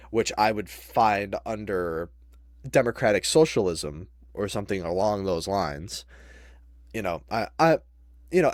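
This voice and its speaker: A man's voice: mid-range voice, no echo, clean studio sound. A man giving casual reaction commentary, rambling and restarting his thoughts as he goes.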